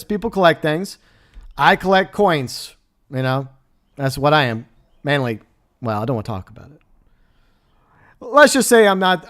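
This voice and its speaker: Male stream host, chatty and easygoing, with a clean, smooth voice pitched a little high; laughs often. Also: a bit bright. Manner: chatty, laughs often, answers chat messages. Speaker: livestream host. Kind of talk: casual livestream chat.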